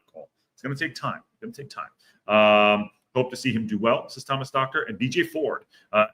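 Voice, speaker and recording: A man with a bright, forceful voice runs a loose football livestream. He rambles, repeats phrases and reads out viewer comments as they come in. His tone stays energetic and direct. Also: mid-range voice. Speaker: podcast host. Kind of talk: casual livestream football chat.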